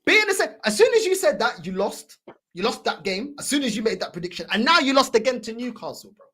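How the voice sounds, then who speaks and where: A woman's voice: a little high, big pitch swings, a bit bright, slightly rough. A woman, teasing and mocking her opponent in a heated fan debate, full of slang. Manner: mocking, teasing, rapid-fire banter with slang.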